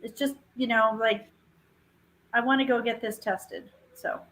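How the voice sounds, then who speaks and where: A woman's voice: on the high side, fairly even intonation, a little slow, fairly bright tone, low-quality recording. A woman telling a personal story in casual chat with friends. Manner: chatty storyteller, acts out quotes. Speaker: show regular. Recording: faint background noise.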